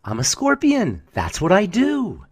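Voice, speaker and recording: A man's voice: sits high, huge pitch swings, a little slow, breathy edge, no echo, voice pushed up, exaggerated voice. A man voicing a scheming male scorpion in a spoken fable, talking in a coaxing, reasonable way. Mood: matter-of-fact.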